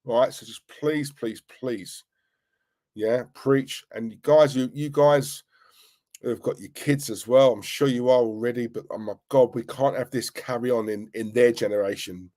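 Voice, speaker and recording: A man runs a live football stream. He talks in a chatty, earnest way, circling back to repeat his points. His voice sits at an ordinary middle pitch. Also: a little slow, dark tone. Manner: earnest, repetitive, chatty, uses fillers like "you know". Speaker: football channel host.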